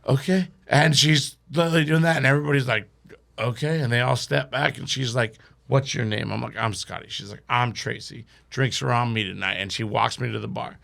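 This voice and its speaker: A man's voice: medium pitch, fairly quick, gravelly, a bit bright. A young man telling a wild drinking story as a podcast guest, swearing and laughing through it. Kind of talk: casual storytelling.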